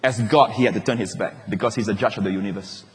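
A male pastor delivering a sermon, swinging from emphatic peaks down to hushed, quiet drops. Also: fairly low pitch, quick pace, a little hiss or hum. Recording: hall reverb.

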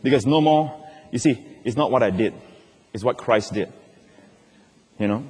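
A man's voice: mid-range voice, lively intonation, moderate pace, a little mellow, slightly rough. A male pastor preaching emphatically to his church, asking the congregation questions and repeating key words. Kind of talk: sermon. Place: large church. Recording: long hall reverb.

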